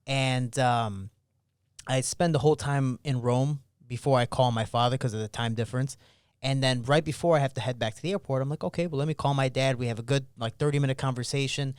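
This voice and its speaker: A man's voice: mid-range voice, fairly quick, smooth, dry recording, clean studio sound. A man, a podcast guest and pro fighter, telling a story in casual slangy talk and acting out the dialogue he remembers. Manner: animated, acts out remembered dialogue.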